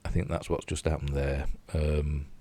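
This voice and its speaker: An older man with a broad Yorkshire accent chats his way through a TV review. His voice sits very low, and the sound is close and dry with no room around it. He rambles with plenty of fillers and mocks himself as he goes. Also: little pitch movement, normal speed, warm tone, dry recording. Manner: chatty and self-mocking, with frequent fillers and asides. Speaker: TV show reviewer. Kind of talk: casual rambling review while replaying clips.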